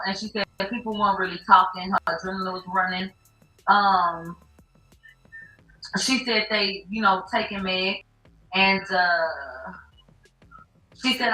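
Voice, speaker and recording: A woman's voice: mid-range voice, bright, forceful tone. A woman hosting a casual news commentary, recapping courtroom testimony with blunt, profane, sarcastic asides. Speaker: commentary show host. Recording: echoey room, distant mic, faint music.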